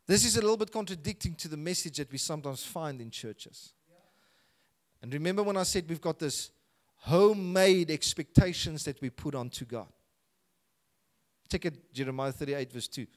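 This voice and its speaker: A man's voice: fairly high pitch, normal speed. A man preaching a sermon with a South African accent, reading scripture aloud with rising passion. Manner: impassioned, voices scripture with rising intensity. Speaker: pastor.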